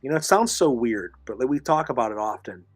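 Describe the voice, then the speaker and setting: A man's voice: mid-range voice, expressive, fast, husky, no room sound. Male podcast co-host, voice fading, emphatic coaching manner, dry close sound. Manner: emphatic, repeats phrases, coaching tone. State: losing his voice. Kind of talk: earnest advice talk, reading listener comments.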